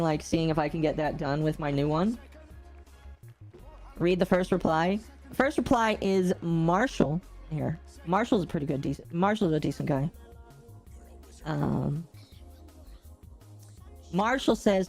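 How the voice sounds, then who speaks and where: A woman's voice: sits low, measured pace, warm tone, faint music behind. A woman streamer chatting casually with her viewers, rambling and often correcting herself. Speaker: gaming streamer. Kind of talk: casual livestream chat.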